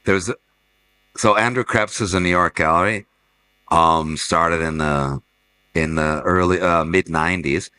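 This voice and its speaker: Middle-aged guy on an art talk panel, lowish bright voice, rambly stories with lots of restarts. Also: unhurried, smooth, rough recording. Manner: rambling anecdotal storyteller with many restarts. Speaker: art fair director and former gallerist. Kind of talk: casual panel conversation.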